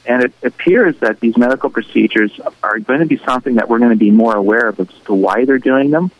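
A man's voice: medium pitch, dry recording, highs cut off. Earnest man recounting a personal ordeal. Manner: earnest, halting, emotional recounting. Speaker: radio guest. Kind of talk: personal account in an interview.

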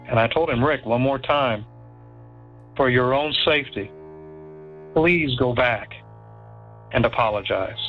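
A man telling a ghost story in an animated way, stammering, repeating words and acting out what others said. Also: mid-range voice, slow, long pauses, lo-fi sound, faint music behind. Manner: stammers and repeats words, acts out quoted voices. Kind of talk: animated spoken anecdote.

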